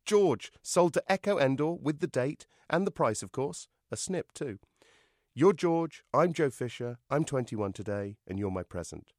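A man's voice: mid-range voice, expressive, unhurried, darkish tone, dry recording, clean studio sound, pitched above the performer's own voice, lightly acted. A man doing a frail earnest young man. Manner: earnest, eager.

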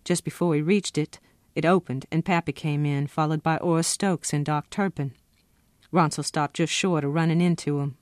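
A woman author reading from her own novel in a steady, expressive first-person narration. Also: low voice, moderate pace, no room sound, clean studio sound.

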